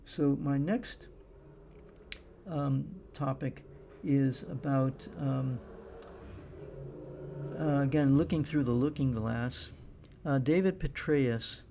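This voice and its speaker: A middle-aged man giving casual monologue commentary, halting often with fillers and restarts. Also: mid-range voice, gravelly, warm tone, a little hiss or hum. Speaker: political commentator.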